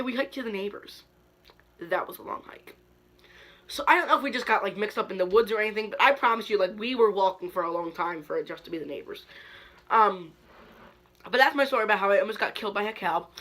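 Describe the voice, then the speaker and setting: Bright-voiced young man telling stories. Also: high-pitched. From Kentucky. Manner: animated storytelling, many "like" fillers, dramatic quoted reactions. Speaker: YouTube host. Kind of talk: story time vlog.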